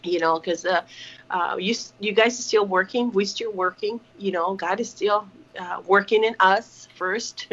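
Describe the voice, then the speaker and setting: A woman's voice: mid-range voice, unhurried, a bit bright. A woman speaking earnestly over a video call from her kitchen, with many fillers and restarts. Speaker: ministry partner. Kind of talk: casual video call chat. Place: home kitchen. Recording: dull lo-fi call audio.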